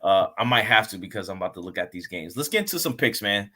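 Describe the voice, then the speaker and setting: A man's voice: on the low side, expressive, quick pace, pushed and bright. A young man hosting a casual sports chat, laid-back, laughing often and tossing in "man" at the end of sentences. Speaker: podcast host.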